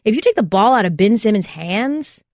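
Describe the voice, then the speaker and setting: Animated woman co-hosting sports radio. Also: mid-range voice, normal speed, no room sound, studio quality. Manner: animated, teasing. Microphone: studio mic.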